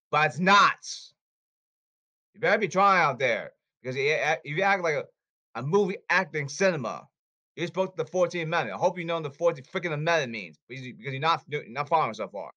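Guy ranting over and over, kinda high voice, sharp and bright. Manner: repetitive, emphatic, angry outbursts. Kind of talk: ranting monologue.

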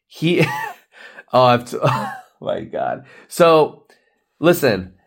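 A man in his thirties rambles through a solo comedic rant as a podcast host. His everyday mid-range voice keeps breaking into laughs and sudden high-pitched bursts. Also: big pitch swings, very slow, gravelly. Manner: rambling, laughs often, jumps into high exclamations.

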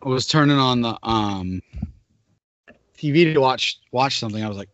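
A man in his thirties co-hosting a casual chat, relaxed and hesitant, trailing off with fillers, in a dull, muffled recording. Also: medium pitch, moderate pace, long pauses, dry recording.

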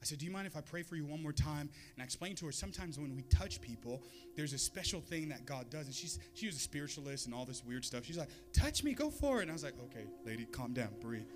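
Storytelling pastor over background music. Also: male voice, on the high side, fast talker, hardly any pauses. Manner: storytelling with lively voiced quotes and humor. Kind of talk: sermon.

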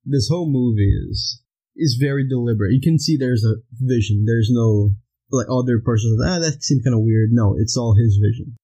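A man's voice: medium pitch, moderate pace, dark tone, slightly rough, muffled recording. A young man co-hosting a casual podcast chat about a film, rambling with many fillers. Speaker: podcast co-host.

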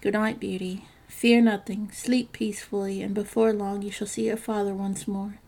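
A woman voicing a sorrowful, gentle male beast who pleads dolefully in a storybook reading. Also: medium pitch, level tone, normal speed, creaky. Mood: solemn.

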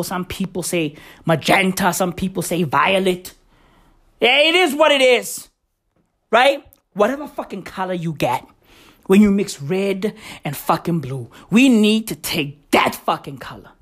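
A woman ranting loudly in a vlog. She swears constantly, and her voice is hoarse and cracking from shouting. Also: mid-range voice. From South Africa. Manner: loud, shouty, swearing heavily. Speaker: vlogger. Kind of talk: profane vlog rant.

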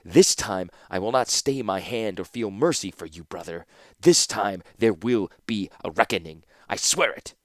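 A man's voice: on the low side, lively intonation, normal speed, no room sound, clean studio sound, natural voice. A man reading the part of a grief-stricken older master artificer whose voice sounds strangled. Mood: vengeful. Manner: strangled, rising to vengeful resolve.

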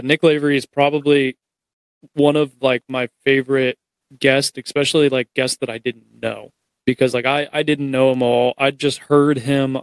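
A man's voice: medium pitch, clean tone, no room sound. A man hosting a podcast, chatting casually and telling stories with quoted asides. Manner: loose storytelling with quoted asides. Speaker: podcast host. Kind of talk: casual chat.

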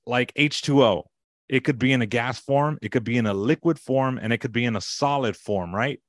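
A man's voice: medium pitch, no room sound, clean studio sound. A man hosting a casual discussion, talking conversationally with frequent fillers. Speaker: host.

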